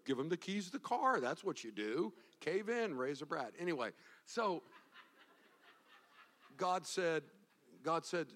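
A man preaching from the pulpit, telling a story in a low, hushed voice and then rising into loud, fervent exhortation. His pitch sits in an ordinary middle range for a man, and he talks straight to a congregation. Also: sing-song, moderate pace. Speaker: pastor. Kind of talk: sermon.

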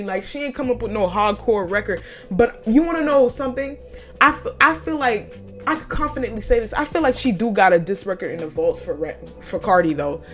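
Animated, profane young woman podcaster. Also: fairly high pitch. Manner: profane, animated, laughs often. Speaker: podcast host. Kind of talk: casual chat.

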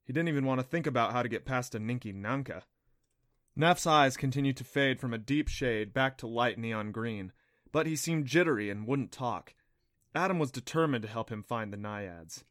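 Steady male audiobook narrator, dry close sound. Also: medium pitch, normal speed, dry recording. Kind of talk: scripted narration.

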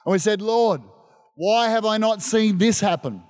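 A man preaching a sermon as pastor, animated and emphatic, calling out to his congregation. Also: high voice, a little slow, clean tone. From Australia. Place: church service. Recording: long reverb of a church hall.

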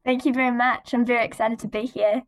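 A woman's voice: on the high side, little pitch movement, quick pace. A teenage girl, a guest on a podcast, who answers politely and earnestly and giggles between points. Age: teens. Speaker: guest, young poet. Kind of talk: casual interview chat.

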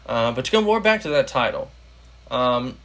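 A man's voice: mid-range voice, sing-song, moderate pace, a bit bright. A young American man hosting a casual political podcast, rambling with lots of fillers. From United States. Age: young adult. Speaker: podcast host.

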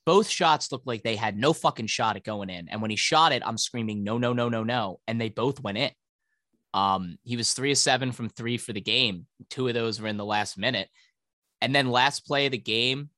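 A man's voice: medium pitch, pushed and bright, no echo. A male podcast co-host ranting about sports in casual, profane talk.

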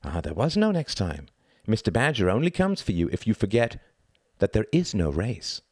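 A man voicing a gentle mother tucking her son into bed, speaking softly. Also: fairly low pitch, wildly swooping pitch, normal speed, breathy edge, no room sound, clean studio sound, heavily acted. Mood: tender. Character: gentle Irish mother telling bedtime tales. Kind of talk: audiobook reading.

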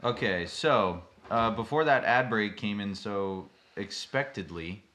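A man's voice: on the low side, unhurried, bright, forceful tone. A young man co-hosting a casual podcast chat, joking and handing out mock advice. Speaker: podcast co-host.

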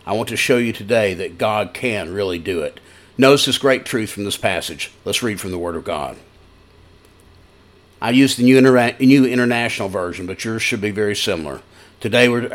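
A man's voice: medium pitch, a bit bright. A male pastor giving a broadcast sermon, with conversational, folksy storytelling and scripture reading.

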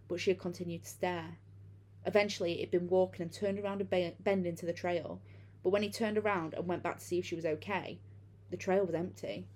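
Low, mellow woman reading horror. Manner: casual, profane retelling with many fillers. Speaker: narrator. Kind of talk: reading a first-person horror story aloud.

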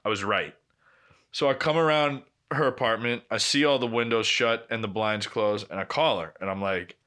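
Bright-voiced man telling a story. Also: on the low side, normal speed. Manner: profane, laughing anecdotes with quoted dialogue. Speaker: podcast co-host. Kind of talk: casual storytelling chat.

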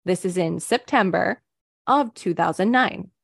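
A woman co-hosting a true crime podcast, unhurried and wry, dropping dry asides into the story. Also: medium pitch, creaky, dry recording. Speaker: podcast co-host. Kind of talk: casual true crime chat.

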